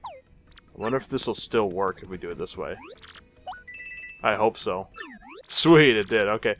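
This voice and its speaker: A man's voice: lowish voice, animated, measured pace, over music. A man giving casual, rambling commentary over a video game he is playing. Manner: rambling, loose, lots of fillers and laughs at himself. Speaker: let's play host.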